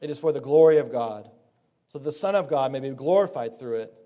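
A man's voice: mid-range voice, lively intonation, a little fast, dark tone. A man preaching a sermon in an earnest way, reading scripture aloud and correcting himself as he goes. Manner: earnest, reads scripture aloud and rephrases himself mid-sentence.

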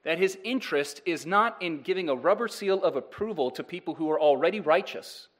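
Pastor, male, slightly high voice, earnest sermon delivery with questions to the pews. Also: lively intonation, brisk. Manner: earnest preaching with rhetorical questions to the congregation.

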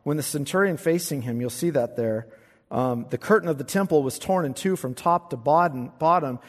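A man preaching an expository sermon, swinging from quiet, low asides to loud, fervent recitation of scripture. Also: a little fast. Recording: long hall reverb.

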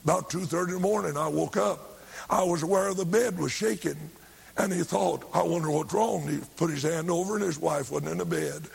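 An older man preaching a revival sermon, telling a story fervently and rising to shouts when he quotes others. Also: on the high side, brisk, creaky, slightly rough.

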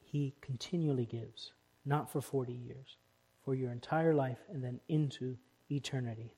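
A man's voice: medium pitch, steady tone, moderate pace. A man preaching a sermon in church as pastor, with emphatic, building stresses. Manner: emphatic, rising to loud stresses.

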